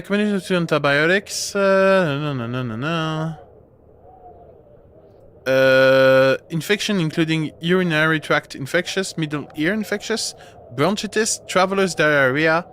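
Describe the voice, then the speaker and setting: A man talking his way through a game stream at an easy, unhurried pace. He rambles, restarts and breaks into laughter, chatting casually to his viewers. A faint hiss sits under his voice. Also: a little high, expressive, fairly bright tone. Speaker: streamer playing a horror game. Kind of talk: casual gameplay commentary.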